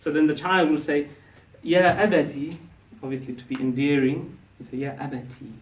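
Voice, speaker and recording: Fairly high-voiced man teaching in an echoey room. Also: moderate pace. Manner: explains, asks the class questions; frequent "yeah?" and restarts. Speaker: Arabic teacher. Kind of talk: classroom teaching talk. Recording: echoey room, mic from a distance.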